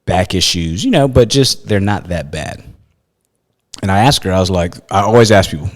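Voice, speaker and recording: A man's voice: low voice, expressive, normal speed, big-room sound. A man co-hosting a podcast, chatting casually and telling a story with quoted dialogue, laughing often. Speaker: podcast co-host. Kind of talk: casual chat.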